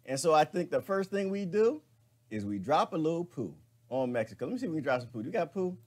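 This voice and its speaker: A man's voice: a little high, big pitch swings, quick pace, a little mellow. A man hosting a casual live stream, chatting with viewers and laughing often.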